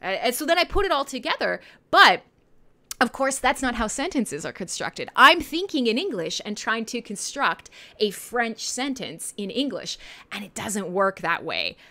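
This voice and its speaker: A young woman from Canada hosts a casual livestream show, rambling between topics and laughing often. Her voice is bright and jumps lively up and down in pitch. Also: normal speed. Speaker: livestream radio host. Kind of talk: casual livestream chat, reading chat questions.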